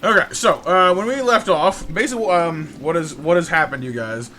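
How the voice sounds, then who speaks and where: Male game streamer, fairly high voice, bright and forceful tone, casual rambling chat, faint music behind. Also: normal speed, a little hiss or hum. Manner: chatty storyteller, repeats words when starting sentences.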